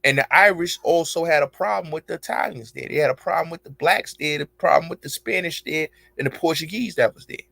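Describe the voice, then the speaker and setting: A man's voice: fairly high pitch, a little fast, vocal fry, hardly any pauses, pushed and bright, no echo. A man hosting an online show, delivering a rambling, emphatic monologue full of profanity and street slang. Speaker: show host. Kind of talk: casual monologue.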